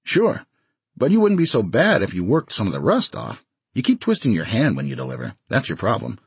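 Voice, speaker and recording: A husky-voiced man voicing a crude, bossy middle-aged explosives seller who teases a lot, in a dry recording. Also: on the low side, wildly swooping pitch, fairly quick, dry recording, heavily acted. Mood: jeering.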